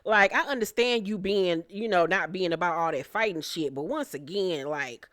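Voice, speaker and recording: A woman's voice: lowish voice, expressive, normal speed, hardly any pauses, fairly bright tone, no room sound, studio quality. A woman giving a casual recap review of a reality show, brash and profane, laughing often.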